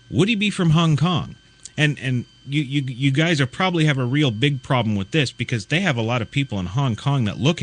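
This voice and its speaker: A man's voice: mid-range voice, slightly rough. A man hosting a talk radio show, ranting in an indignant, sarcastic way full of rhetorical questions. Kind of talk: ranting opinion commentary.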